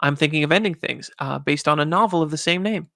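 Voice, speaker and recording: Gravelly, bright-voiced chatty man. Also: a little high, fast talker, no echo, studio quality. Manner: animated storyteller, laughs often. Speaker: podcast host. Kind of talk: casual chat.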